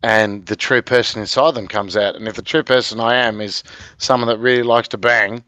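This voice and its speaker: A man's voice: mid-range voice, steady tone, fairly quick, bright, forceful tone, no room sound. A man with an Australian accent, chatting casually on a podcast, a rambling storyteller who laughs often. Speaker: podcast guest, game video maker. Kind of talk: casual chat.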